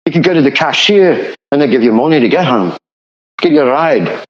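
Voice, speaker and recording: A man's voice: medium pitch, lively intonation, brisk, roomy sound. A man speaking as an economist guest on a podcast, explaining passionately and repeating points for emphasis. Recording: dull lo-fi audio.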